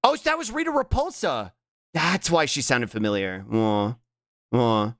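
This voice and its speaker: A man's voice: normal speed, no room sound, clean studio sound. A man streaming, chatting casually and teasing his guest, swearing often. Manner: playful, teasing, swears often, lively swoops in pitch.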